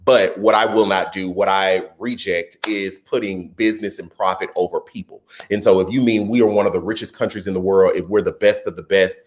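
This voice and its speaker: A man hosting a live stream, reading viewers' comments and giving casual political commentary in an animated, excitable way that jumps into a high voice. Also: brisk, hardly any pauses, slight background noise.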